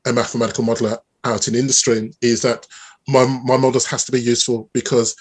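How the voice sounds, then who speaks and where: Man, middle-aged, husky voice, lively storyteller, interview guest. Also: medium pitch, fast. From Birmingham, England. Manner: animated storyteller, many restarts. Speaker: mathematician guest. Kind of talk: conversational interview.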